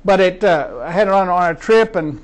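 A man's voice: high-pitched, expressive, normal speed. A middle-aged man preaching as a pastor, telling stories of faith earnestly and repeating words as he builds up. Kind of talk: storytelling sermon.

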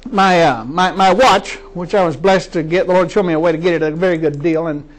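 A man's voice: a little high, fairly quick. A middle-aged man preaching as a pastor, telling stories of faith earnestly and repeating words as he builds up. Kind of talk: storytelling sermon.

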